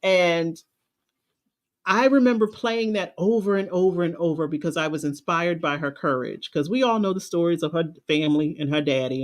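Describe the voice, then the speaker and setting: A woman confidence coach, giving an emphatic, preachy motivational talk. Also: fairly low pitch. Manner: preachy, emphatic, drawn-out phrasing.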